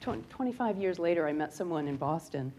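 A woman's voice: on the low side, lively intonation, brisk, a little hiss or hum. Woman giving a storytelling sermon. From upstate New York. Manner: conversational storytelling, drops to a hushed near-whisper on grave moments. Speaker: guest speaker.

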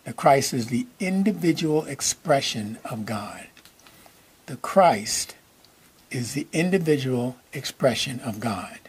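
A man preaching a sermon as minister, repeating key phrases slowly and checking in with his listeners. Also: medium pitch, expressive, husky.

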